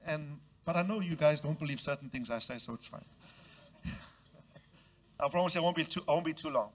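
A man preaching a sermon, leading his congregation to repeat phrases and acting out the voices of the people in the story. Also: a little fast. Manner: acts out quoted voices with big jumps in pitch. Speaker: pastor.

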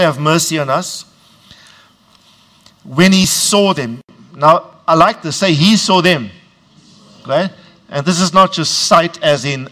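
A man preaching with a deliberate, drawn-out cadence and a fairly high voice. He leads his congregation in call-and-response and climbs to shouted emphasis on key words. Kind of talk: sermon.

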